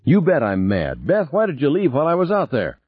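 A man voicing a tired, exasperated man under pressure, gruff and close to his own low voice, on a slightly dull recording. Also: very animated, moderate pace.

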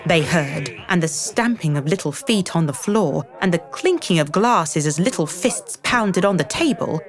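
A woman narrates a classic children's story with an expressive, dramatic delivery. Her voice is a little low and moves a lot. Faint music plays beneath her. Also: moderate pace. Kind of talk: storybook reading aloud.

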